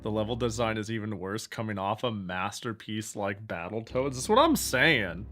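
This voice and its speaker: A man's voice: lowish voice, expressive, normal speed, a bit bright, faint music behind. A man streaming a game he is playing for the first time, chatting casually with sarcastic, exasperated remarks, swearing and laughing. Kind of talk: casual gameplay commentary.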